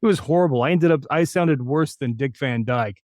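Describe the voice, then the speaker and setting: A man's voice: on the high side, a little fast, darkish tone, no room sound, clean studio sound. An older man from New Mexico, a voice actor telling career stories in an interview, anecdotal and self-deprecating. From New Mexico, United States. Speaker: voice actor guest. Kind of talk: storytelling interview.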